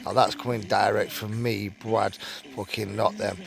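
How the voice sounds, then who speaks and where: A low, gravelly northern English man reads a true crime article out loud on his vlog. He keeps cutting in with blunt, sweary asides. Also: little pitch movement, unhurried, a little hiss or hum. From England. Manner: blunt, swears freely, breaks off into commentary. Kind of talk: reading an article aloud with casual asides.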